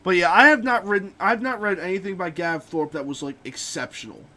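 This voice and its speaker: A young man with a high, fairly quick voice that sounds pushed and bright streams a game and chats casually. He rants about books he's read, swearing freely.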